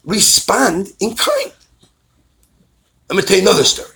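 A man, a rabbi, giving an animated storytelling sermon and acting out the people in his stories. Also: sits high, moderate pace, gravelly, slightly rough. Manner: animated storytelling, acts out callers' voices.

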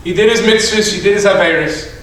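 A man preaches in a bright, high-pitched voice, telling a story slowly and acting out each character. He swings between loud outbursts and near-whispers. The sound is recorded from a distance in an echoey hall. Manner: dramatic storyteller, acting out voices, swinging from shouts to hushed tones. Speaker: rabbi. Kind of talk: sermon storytelling.

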